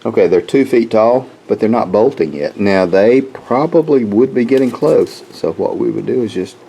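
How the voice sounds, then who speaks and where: A man's voice: fairly low pitch, expressive, normal speed, creaky, mellow, slight background noise, rough recording. A man giving a folksy, rambling walk-through of his garden, often repeating words as he talks to viewers. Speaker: homestead vlogger. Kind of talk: casual walk-through chat. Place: outdoors in a garden.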